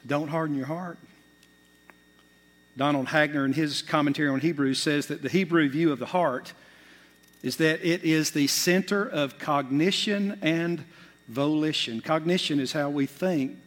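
A male pastor preaching a sermon, swinging between loud, urgent bursts and quiet, hushed asides. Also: on the high side, unhurried. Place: church sanctuary. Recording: long reverb of a large hall.

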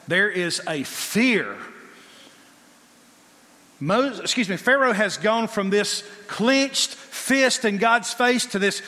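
A man's voice: high-pitched, a little slow, pushed and bright. A male preacher giving an emphatic sermon that asks the congregation rhetorical questions, heard in a long hall reverb.

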